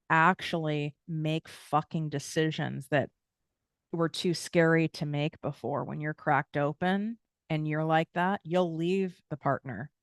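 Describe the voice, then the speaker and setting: A woman's voice: low-pitched, dry recording, clean studio sound. A woman with an American accent hosting a podcast, giving a blunt, casual motivational talk full of swearing and tangents. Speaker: podcast host and business coach.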